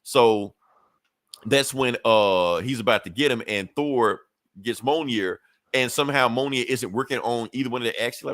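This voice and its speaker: A man hosting a podcast, recapping a comic in a casual, animated way, swearing freely and briefly acting out characters' lines. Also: mid-range voice, moderate pace, dry recording. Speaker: podcast host.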